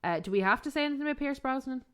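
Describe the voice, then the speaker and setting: A woman's voice: sits high, expressive, racing, smooth. An Irish woman hosting a podcast in casual chat, blunt, playful and swearing freely. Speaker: podcast host.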